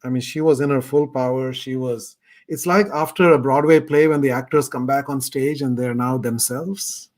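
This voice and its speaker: A man's voice: medium pitch, fairly even intonation, moderate pace. Middle-aged man, mid-range voice, earnest reflective guest speaker over a video call. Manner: earnest, thoughtful. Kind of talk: reflective personal storytelling talk.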